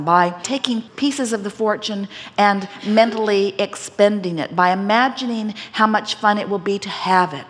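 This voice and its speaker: A woman giving an inspirational seminar talk to a live audience, speaking as a collective "we" in a deliberate, gently teasing manner. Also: medium pitch. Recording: long hall reverb.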